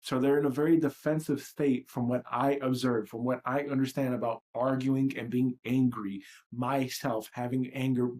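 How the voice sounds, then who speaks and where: A man's voice: medium pitch, steady tone, normal speed, few pauses, a little mellow. Blunt, profane man musing on a livestream. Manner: blunt, profane and self-reflective. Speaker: livestream host. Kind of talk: candid livestream monologue.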